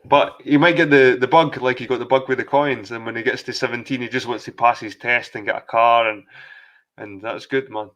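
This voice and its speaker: A man's voice: medium pitch, fairly even intonation, a little fast, a bit bright. A man in his thirties hosting a casual late-night video call chat, laid-back and swearing freely. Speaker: host.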